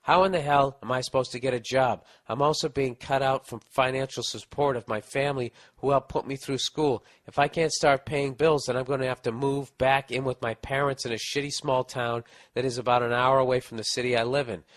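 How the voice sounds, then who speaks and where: A man's voice: medium pitch, fairly even intonation, a little fast, hardly any pauses. A man talks as a podcast host, swearing freely and going off on sarcastic tangents. His delivery is loose and conversational, a rambling storyteller ranting at his co-host. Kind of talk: casual podcast rant, reading a listener letter.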